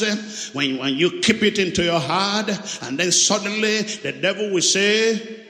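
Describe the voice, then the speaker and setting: A man preaching a sermon in a church hall, animated and calling out to his congregation. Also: high voice, a little slow. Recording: echoey hall with long reverb.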